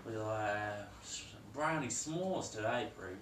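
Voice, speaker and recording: A man's voice: fairly low pitch, lively intonation, measured pace, a bit bright. A man co-hosting a comedy cooking skit in a playful, mock-posh way, with some hesitations. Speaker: co-host guest. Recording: roomy kitchen, far from mic, noisy.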